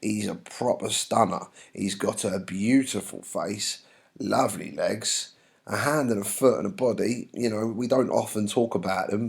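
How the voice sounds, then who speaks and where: A man teaching a lesson and putting old lines into everyday words. His voice is low and gravelly. He talks in a loose, chatty way with slangy asides. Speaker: English teacher. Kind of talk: recorded lesson explaining a play.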